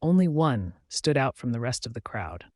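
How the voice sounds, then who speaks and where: A man reads a first-person werewolf romance as scripted narration, in a dramatic storytelling manner. His voice sits at an ordinary middle pitch. The recording is dry and close, with no room echo. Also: big pitch swings, moderate pace.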